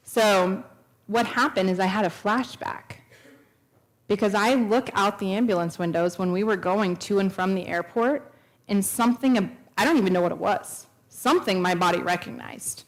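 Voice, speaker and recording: A woman's voice: mid-range voice, normal speed. A woman in her thirties telling a personal testimony at a church, earnest and storytelling, acting out the dialogue she quotes. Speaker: speaker at a church. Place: church sanctuary.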